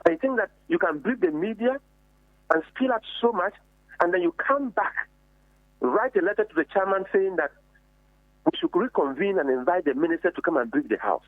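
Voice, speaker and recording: Emphatic man, lively high voice. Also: moderate pace, no room sound. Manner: emphatic, indignant, rhetorical questions. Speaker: member of parliament on a committee. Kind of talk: heated political commentary. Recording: tinny phone-like dry line.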